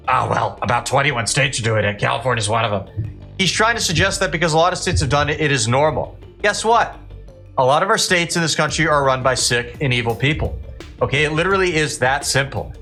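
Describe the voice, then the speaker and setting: A man's voice: a little high, bright, forceful tone. A man hosting a reaction commentary, speaking in a heated, indignant and blunt way. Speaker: commentary channel host.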